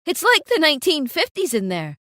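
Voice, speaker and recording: A woman's voice: high voice, huge pitch swings, a little fast, bright, forceful tone, no echo, clean studio sound, pitched above the performer's own voice, full character voice. A woman playing a pushy, complaining young customer.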